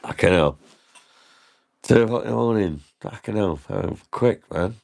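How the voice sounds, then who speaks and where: A man's voice: fairly low pitch, measured pace, creaky, darkish tone. A man drinking and joking through a casual livestream, reading comments aloud and laughing often. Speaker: livestream host.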